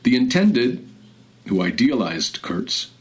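A man hosting a show on literature, speaking in a measured, deliberate and scholarly way. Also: medium pitch, big pitch swings, poor audio. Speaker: radio host. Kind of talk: literary commentary and reading.

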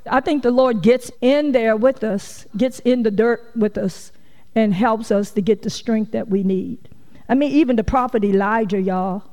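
A woman's voice: fairly high pitch, a little mellow, long reverb tail. A woman preaching a folksy, conversational sermon, acting out quotes and laughing often. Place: church sanctuary.

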